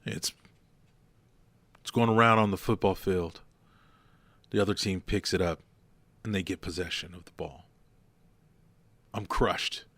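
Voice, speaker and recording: A man's voice: deep voice, unhurried, long pauses, a bit bright, no echo. A man hosting a motivational podcast, talking bluntly and telling stories with emphasis. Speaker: podcast host.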